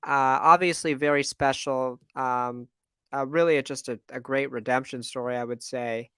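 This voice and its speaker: A man's voice: mid-range voice, fairly even intonation, normal speed, pushed and bright, clean tone, no room sound, clean studio sound. A man co-hosting a fan podcast in casual, enthusiastic chat with many fillers. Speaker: podcast co-host.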